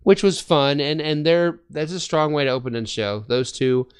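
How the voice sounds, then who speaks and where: A man's voice: on the high side, normal speed, clear, resonant tone. A young man co-hosting a fan podcast, chatting in an easygoing, agreeable way. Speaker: podcast co-host. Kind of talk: casual chat.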